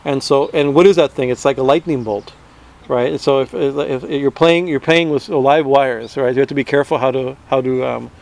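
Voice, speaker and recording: A man's voice: mid-range voice, normal speed, creaky, darkish tone. A man giving an informal spiritual talk, conversational, often restarting his sentences and checking in with "right?". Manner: conversational, many restarts, frequent "right?" tags. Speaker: spiritual teacher.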